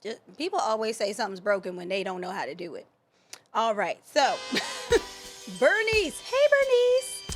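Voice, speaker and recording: A woman's voice: mid-range voice, fast talker, faint music behind. A woman co-hosting a pop culture podcast in casual chat, teasing and laughing often. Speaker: podcast co-host.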